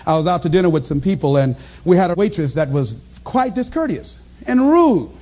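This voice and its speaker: High, lively-voiced man giving a motivational speech. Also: fairly quick. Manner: animated storytelling, bursts into shouts and laughter. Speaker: motivational speaker. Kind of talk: motivational speech to a live audience.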